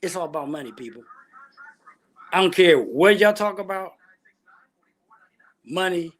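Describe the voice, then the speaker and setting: A man's voice: high-pitched, animated, unhurried, fairly bright tone. A man ranting bluntly and profanely about politics, full of heavy slang. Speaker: vlogger giving opinions.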